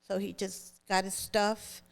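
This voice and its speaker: A middle-aged woman speaks as a podcast guest, telling a personal story with feeling. She talks at an ordinary pitch for a woman and often slips into the voices of the people in her story. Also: little pitch movement, a little slow, vocal fry. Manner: vivid, emotional retelling that acts out others' words.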